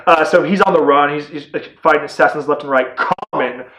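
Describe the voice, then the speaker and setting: A man talks through a movie's plot in a loose, excitable ramble, leaning on "like" and dropping the odd curse. His voice sits a touch high. It bounces around an echoey room. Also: fairly quick. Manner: rambling and excitable, heavy on "like", casual swearing. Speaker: movie reviewer. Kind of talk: casual spoiler-filled movie review.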